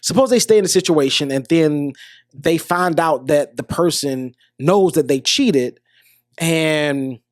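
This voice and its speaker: Earnest and motivational, a middle-aged podcast host speaks directly to listeners, often restarting his sentences as he gives advice. His voice sits on the high side, and the studio-quality recording has no room sound.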